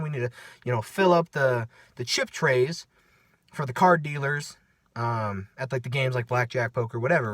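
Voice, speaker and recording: A tired man rambling through a casual, animated story about his work shift, checking in with lots of "right?". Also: on the high side, no room sound. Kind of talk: casual chat.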